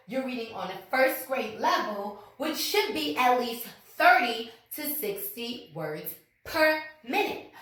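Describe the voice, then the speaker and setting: Slow, animated woman teacher in an echoey room. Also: on the high side. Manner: slow, emphatic teacher talk with frequent checks. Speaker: first grade teacher. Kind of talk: recorded classroom lesson. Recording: echoey room, mic far off.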